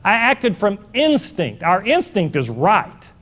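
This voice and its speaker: On stage before a live crowd, a middle-aged man gives a motivational keynote, addressing everyone as folks in a blunt, emphatic way. His voice sits high and fairly bright, moving slowly with wildly swooping pitch.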